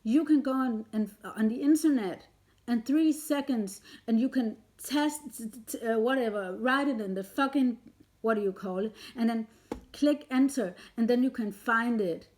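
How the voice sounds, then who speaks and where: Woman vlogger with a slightly high voice; heated, confrontational rant, swears freely. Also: moderate pace, darkish tone. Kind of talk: angry direct-to-camera rant.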